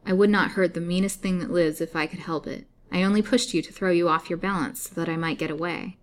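A woman's voice: lowish voice, fairly even intonation, fast, close to an everyday voice. A woman voicing a young captive woman who speaks bitterly and pleads. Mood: bitter, despairing.

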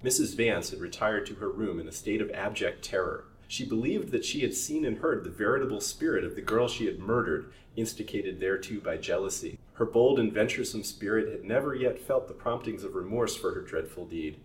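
Low male storyteller, measured reading, roomy room, mic at a distance. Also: animated. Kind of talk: reading a serialized novel aloud. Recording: roomy recording from a distance, faint hiss.

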